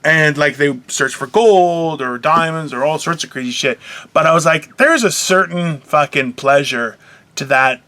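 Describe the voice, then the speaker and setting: High, bright man ranting in mock anger. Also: measured pace. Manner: profane, mock-yelling rants. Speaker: co-host. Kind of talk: casual podcast banter.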